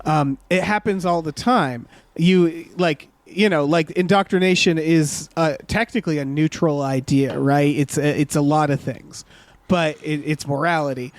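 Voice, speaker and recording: A man co-hosting a podcast, giving casual, sarcastic commentary on a film in an animated, ranting way. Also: a little high, moderate pace, no room sound. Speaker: podcast co-host.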